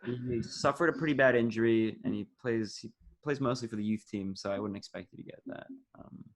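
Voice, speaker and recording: Teasing teen quizmaster. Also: male voice, mid-range voice, a little fast. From United States. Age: teens. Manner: teasing, upbeat, runs the quiz. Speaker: podcast co-host and quizmaster. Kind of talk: casual sports podcast chat. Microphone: video call.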